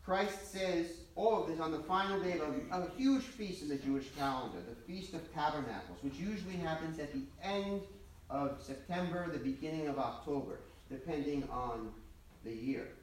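A man giving a sermon in a relaxed, storytelling way, slipping in casual asides. His voice is slightly high for a man. It echoes heavily through the church and is heard from a distance. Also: normal speed, slight background noise. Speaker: priest.

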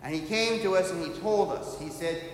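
Middle-aged priest preaching in an echoey church. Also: male voice, high voice, normal speed. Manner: storytelling preacher, acts out quoted voices. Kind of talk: sermon. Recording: very echoey church hall, long reverb, faint noise.

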